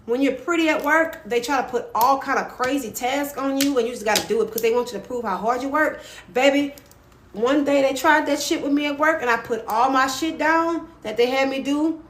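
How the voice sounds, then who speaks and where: A woman's voice: high voice, normal speed, fairly bright tone, echoey room. Blunt, sassy woman with a Louisiana accent. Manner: blunt, sassy, profane, repeats "right?". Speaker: livestream host giving advice. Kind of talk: casual livestream advice talk.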